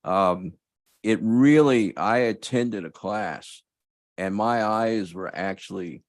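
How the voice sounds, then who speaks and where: A man's voice: lowish voice, takes it slowly, no echo, clean studio sound. A man in his seventies, a board member, giving unprepared remarks at a board meeting, rambling and stopping to search for words. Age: 70s.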